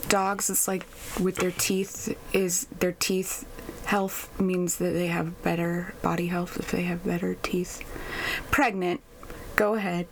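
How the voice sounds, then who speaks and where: A woman's voice: on the low side, little pitch movement. Young woman, podcast co-host, casual storyteller, laughs easily, faint noise floor. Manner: chatty storyteller, laughs often, quick asides. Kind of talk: casual chat.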